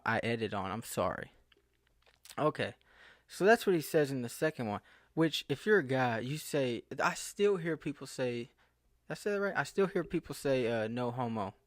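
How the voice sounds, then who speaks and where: Here's a young man from the southern United States, voice a touch high, casually vlogging to camera: he wanders off topic, interrupts himself, and gets incredulous. The screen recording is dry and of studio quality.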